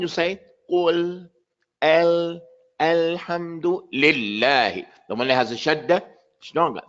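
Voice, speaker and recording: A man's voice: high voice, fairly bright tone, lo-fi sound. A man teaching an online language class, stressing and repeating words over and over to drill his students' pronunciation. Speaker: Arabic teacher.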